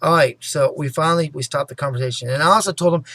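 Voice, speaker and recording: A man with a gravelly, creaky voice talks casually to his viewers, rambling through a personal story. He keeps looping back with "anyway" and "you know" and sometimes speeds up and gets loud. The sound is close and dry, with no room echo. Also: a little high, expressive. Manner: talks fast and loud at times. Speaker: vlogger.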